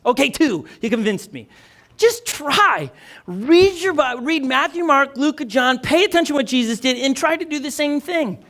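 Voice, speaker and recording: A male pastor preaching a conversational, energetic sermon, often restarting his sentences. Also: very high-pitched.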